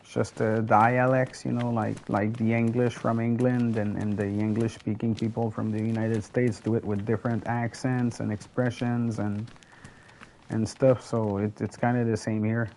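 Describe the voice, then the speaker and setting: A man's voice: fairly low pitch, little pitch movement, moderate pace, gravelly, darkish tone, a little hiss or hum. A French Canadian man whose first language is French, giving chatty, rambling gameplay commentary with casual swearing. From Quebec, Canada. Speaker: gaming channel host.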